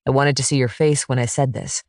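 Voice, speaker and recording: Woman voicing a low, sincere male quarterback for an audiobook, dry close recording. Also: fairly even intonation, a little fast, a little mellow, no room sound. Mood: earnest. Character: earnest romantic quarterback man, single dad.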